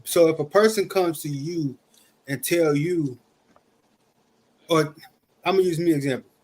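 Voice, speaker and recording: A father co-hosting a casual group discussion, speaking haltingly with frequent restarts. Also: on the high side, darkish tone. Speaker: podcast co-host.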